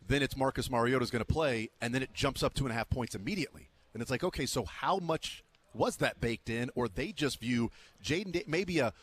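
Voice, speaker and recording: A man's voice: mid-range voice, a bit bright, husky. A man hosting live sports radio from a media day, talking in a wry, joking way. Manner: wry, joking, quick asides. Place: remote broadcast at an arena media day.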